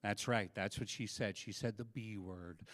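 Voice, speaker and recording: Here a middle-aged man with a lowish voice performs stand-up at a moderate pace, mic in hand on a live stage. The set is self-deprecating and full of animated storytelling.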